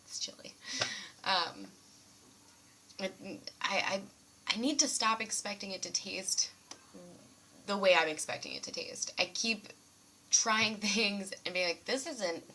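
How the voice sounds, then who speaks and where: A young woman talks to camera from her dorm room in a loose, rambling way, laughing often and joking at her own expense. Her voice is bright and forward, at a middle pitch, with a dry sarcastic streak running under it. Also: a little slow, long pauses, slight background noise. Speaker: student vlogger. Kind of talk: casual rambling vlog.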